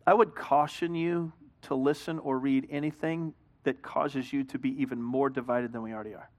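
A man's voice: medium pitch, steady tone, moderate pace, a little mellow. A middle-aged man, a pastor, preaching a sermon in an earnest, conversational way, telling a story and acting out both sides of a talk.

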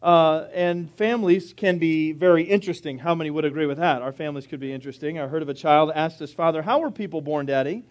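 A man's voice: on the high side, steady tone, fast talker, hardly any pauses. A male pastor preaching a sermon in a church, telling folksy jokes as he goes. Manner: folksy, joking storyteller. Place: church sanctuary.

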